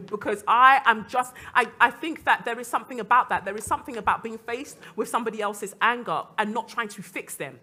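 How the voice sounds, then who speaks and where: Bright-voiced woman speaking earnestly. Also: on the high side, fairly quick, hardly any pauses. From Nigerian descent. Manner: earnest, reflective, laughs between points. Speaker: guest speaker. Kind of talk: panel talk.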